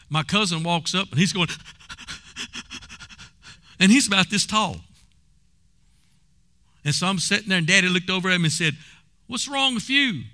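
Fervent preacher, very bright voice. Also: male voice, sits high. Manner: fervent storytelling with call-outs to the congregation. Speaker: pastor. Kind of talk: sermon.

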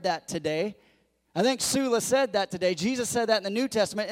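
Guy preaching a sunday sermon, high voice, tells funny stories, acts out the lines. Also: fairly quick, in a large hall. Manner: storytelling, animated, acts out quotes. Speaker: pastor.

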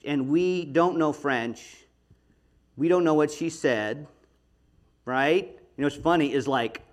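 A man in middle age leads a Bible study, talking with a somewhat high voice. His delivery is animated, with a pitch that swoops up and down. He keeps it conversational, laughing often and asking his listeners "okay?". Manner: animated, chatty, laughs often, talks to the audience with frequent "okay?". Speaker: pastor or Bible teacher. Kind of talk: lively Bible study teaching.

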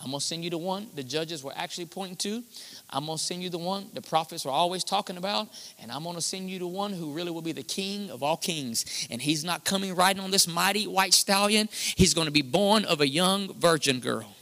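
A high-voiced, bright-toned man preaches into a handheld mic, swinging between near-shouts and hushed passages. His voice rings out with a long reverb from the hall. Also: fairly quick. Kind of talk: sermon. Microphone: handheld microphone.

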